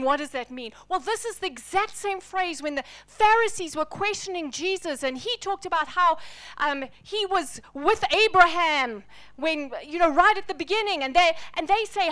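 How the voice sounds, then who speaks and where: A woman's voice: very high-pitched, a bit bright. A woman preaching a sermon to a congregation, telling Bible stories dramatically and dropping to a near whisper at the key moments.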